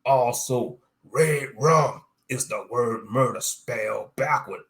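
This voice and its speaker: A man's voice: medium pitch, takes it slowly, a bit bright. A man voicing a boastful, murderous male pirate captain who taunts in sea-dog slang and chuckles as he talks.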